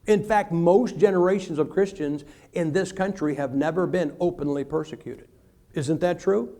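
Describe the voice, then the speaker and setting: A male preacher with a voice pitched a bit high. He delivers his sermon in a humorous, animated way, acting out short asides and stories. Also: moderate pace.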